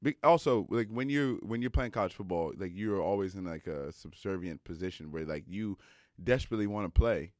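Low-voiced man telling a story. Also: fairly quick, no echo, clean studio sound. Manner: animated and emphatic, with many fillers. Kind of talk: casual storytelling monologue.

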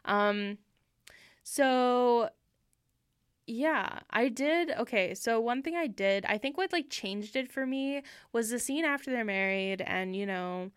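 A woman's voice: on the high side, lively intonation, takes it slowly, smooth, no room sound, studio quality. A young Canadian woman chatting casually about a book, laughing often and using lots of fillers. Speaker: book podcast co-host. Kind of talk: casual chat.

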